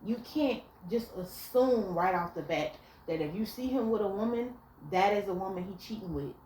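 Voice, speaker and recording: In a casual vlog, a young woman dishes out blunt relationship advice, telling stories animatedly and cursing freely. Her mid-range voice moves at normal speed, recorded in an echoey room with faint ambience and slight background noise.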